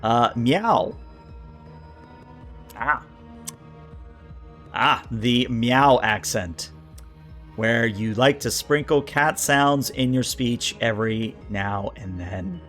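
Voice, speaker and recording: A man's voice: medium pitch, slow, a bit bright, soft background music. Chatty man streaming a book review. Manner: thinks aloud, reads list entries then riffs on them; chatty, answers chat, frequent filler words and restarts. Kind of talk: casual livestream commentary.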